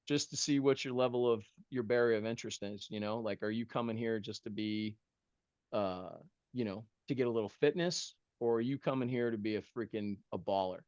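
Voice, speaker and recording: A man telling a humorous story as a podcast guest, animated and self-mocking, with lots of casual dude and bro. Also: medium pitch, smooth, no echo, dull audio.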